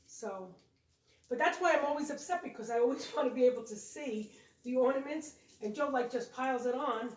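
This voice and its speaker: A woman's voice: sits high, fairly quick. Chatty woman in an echoey room. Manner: rambling, chatty, self-correcting. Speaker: co-host of home decorating channel. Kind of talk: casual home vlog chat. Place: home room with decorated tree. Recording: echoey room, mic at a distance.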